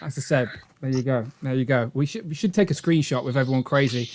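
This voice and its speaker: A man's voice: medium pitch, fast talker, darkish tone. A British man hosting a casual live stream from a home setup, chatty and upbeat. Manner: chatty and upbeat, often laughing.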